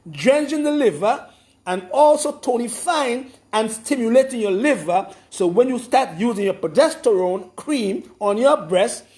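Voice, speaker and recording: A man giving an informal lecture, explaining slowly and repeating his points with emphasis. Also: very high voice. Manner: slow, repetitive, emphatic explaining. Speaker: herbalist explaining a program.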